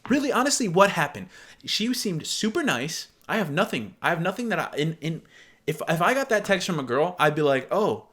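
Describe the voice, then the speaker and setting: A man's voice: a little high, very animated, brisk, a bit bright. A young man from Michigan giving reaction commentary on text messages in an incredulous, exclaiming manner. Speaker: YouTuber.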